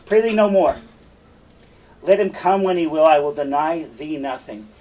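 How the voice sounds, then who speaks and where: A man's voice: on the high side, animated, normal speed, a little mellow, breathy edge. A man reading the part of Othello, a general torn between love and doubt, in a room with a mic set some way back. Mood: pleading. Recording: distant mic, faint room noise.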